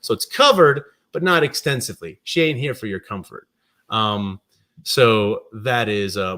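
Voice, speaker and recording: A man's voice: on the low side, fairly bright tone. Rambling man chatting on a stream. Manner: rambling, frequent ums and uhs, self-correcting. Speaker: streamer and fan fiction writer. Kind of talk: casual livestream chat, reading comments.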